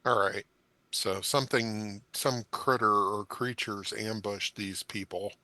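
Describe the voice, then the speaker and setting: Bright-voiced man playing a tabletop game. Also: fairly low pitch, steady tone, takes it slowly, no echo. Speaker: player. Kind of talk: casual tabletop play.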